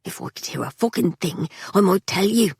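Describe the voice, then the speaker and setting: Brief: female reader as a hard-bitten mother figure, hushed and sardonic, lower pitch. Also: animated, brisk, breathy edge, no echo, studio quality, full character voice. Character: tough older woman, sharp and scorched.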